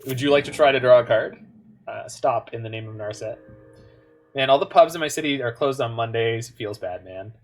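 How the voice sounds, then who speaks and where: Man, mid-pitched voice, playful casual game commentary, muttered asides. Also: moderate pace. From Canada. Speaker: online card game player.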